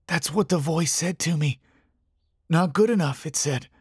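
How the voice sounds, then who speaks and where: A frightened young man blurts out his lines in strained, breathless bursts, his voice a touch higher than the narrator's own. A man acts him out in a storybook horror reading, close and dry. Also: normal speed, husky, dry recording. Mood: shaken.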